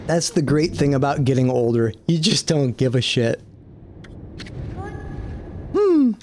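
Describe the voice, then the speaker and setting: A man's voice: medium pitch, normal speed, a little mellow, a little hiss or hum. A middle-aged man making casual, wry, self-mocking asides while streaming a game. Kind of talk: casual let's-play commentary.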